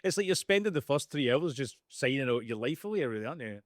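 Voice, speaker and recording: A man's voice: mid-range voice, very animated, fast talker, no room sound. A man hosting a podcast interview, asking questions in a loose, hesitant way, repeating words and ending on tag questions. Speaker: podcast host. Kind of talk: casual interview chat.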